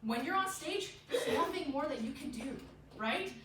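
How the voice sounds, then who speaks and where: A woman teaching a public speaking class to kids and their parents, lively and direct, checking in with "right?" and acting out the nervous thoughts she describes. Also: high-pitched, moderate pace. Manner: lively, tags lines with "right?", acts out quoted inner voices. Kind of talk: classroom lecture. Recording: echoey room, voice from far off, audible noise.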